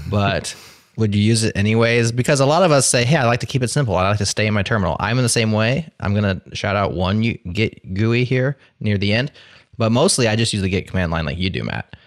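A man's voice: lowish voice, lively intonation, fairly quick, few pauses, no room sound. A man hosting a podcast, wry and dry-humored, steering the conversation. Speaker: podcast host. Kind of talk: casual chat.

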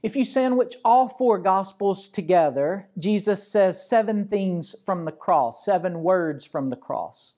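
A man from Arkansas, a pastor, giving a measured, reflective sermon and patiently explaining scripture. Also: sits high, expressive, mellow.

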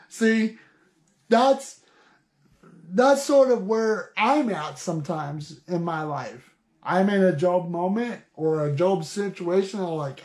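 A man giving an informal online Bible talk, reading scripture and explaining it in a halting way, often pausing to restart a phrase. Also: high-pitched, animated, a little mellow. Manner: slow, halting, with many restarts and "see".

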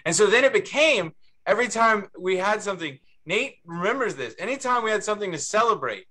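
Man, co-author, panel storyteller, high voice, bright tone. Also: a little fast. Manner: animated, chatty, with restarts. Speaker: book co-author.

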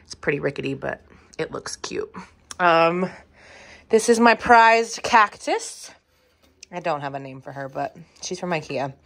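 A woman's voice: deep voice, expressive, measured pace, vocal fry, fairly bright tone. A woman in her thirties giving a casual, chatty tour of her room, swearing freely and saying um a lot. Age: 30s. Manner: chatty and offhand, swearing, many ums.

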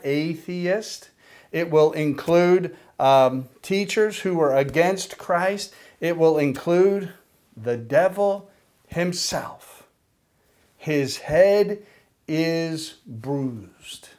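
An older man preaching a sermon, slow and deliberate, with emphatic pauses and a led prayer. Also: fairly high pitch, a little mellow. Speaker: pastor.

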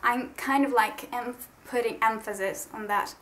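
A woman's voice: a little high, steady tone, normal speed, a bit bright, a little hiss or hum, rough recording. A young Italian woman with an Italian accent, chatting eagerly and self-deprecatingly in a casual explainer vlog. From Italy. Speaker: YouTuber.

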